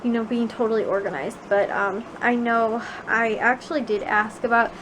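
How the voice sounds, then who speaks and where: A woman's voice: on the high side, moderate pace. Young woman vlogger rambling with "like"s. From Chicago suburbs, USA. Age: young adult. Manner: rambling, filler-heavy, with many "like"s. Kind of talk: casual chat to camera. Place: bedroom at home at night. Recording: noisy home recording.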